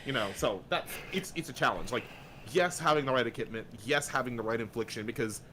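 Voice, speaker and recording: A man's voice: mid-range voice, a little fast, noisy background. A man who does voice acting, talking as a guest on a casual podcast in a blunt, talkative way and swearing freely.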